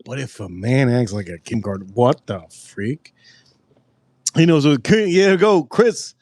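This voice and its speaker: A man hosting a casual livestream, rambling through stories loudly and with lots of swearing. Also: medium pitch, big pitch swings, measured pace, no room sound, studio quality. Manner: rambling storytelling, loud and profane. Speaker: livestream host.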